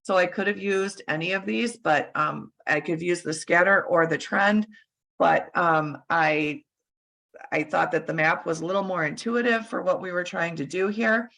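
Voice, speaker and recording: A woman presenting at a user group, giving a screen-share software demo over a video call. She is losing her voice and talks haltingly, with many fillers and restarts. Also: on the low side, creaky, rough recording.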